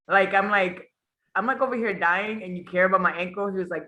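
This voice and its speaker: In a class discussion, a woman student with a lowish voice shares personal stories at a fast clip. She's animated, acting out the voices of the people she quotes.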